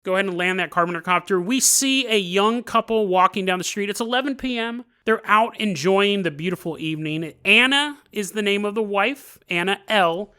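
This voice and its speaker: A man hosting a podcast, telling a story casually with joking asides and quick laughs. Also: sits high, lively intonation, pushed and bright, clean tone. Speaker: podcast host.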